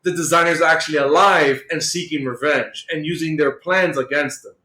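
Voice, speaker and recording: A man's voice: fairly high pitch, steady tone, normal speed, roomy sound, over a noisy crowd, poor audio. A man co-hosting a podcast, retelling a comic book story in casual chat full of "like" and "uh". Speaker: podcast co-host.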